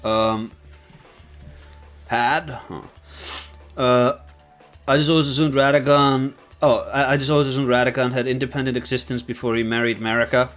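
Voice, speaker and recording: A man's voice: medium pitch, fairly even intonation, moderate pace, long pauses, fairly bright tone, faint music behind. A man chatting casually with viewers on a livestream, thinking aloud and rambling with many fillers and restarts. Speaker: streamer and video essayist.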